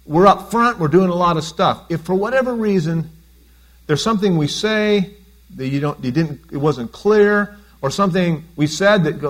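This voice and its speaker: A man's voice: high-pitched, animated, normal speed. A man preaching a conversational sermon as a pastor, often asking his congregation questions.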